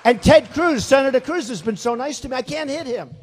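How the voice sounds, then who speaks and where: A man's voice: extremely high pitch, brisk, slight background noise. A man in his sixties giving a rambling, repetitive, emphatic rally speech in a large venue. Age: 60s. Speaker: political candidate. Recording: reverberant hall.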